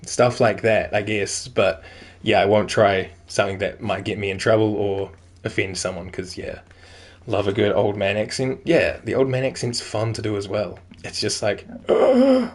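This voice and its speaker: With a fairly low pitch and fairly even intonation, a man speaks at a moderate pace as he streams a video game. The talk is casual and rambling, peppered with "like" and "um," and he reads in-game notes aloud.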